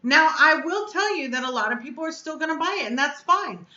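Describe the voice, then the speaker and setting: Upset woman on her stream, high bright voice, venting and cussing, echoey room. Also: animated, a little fast, muffled recording. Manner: upset, blunt, venting and cursing. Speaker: vape reviewer and channel host. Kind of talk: live stream chat.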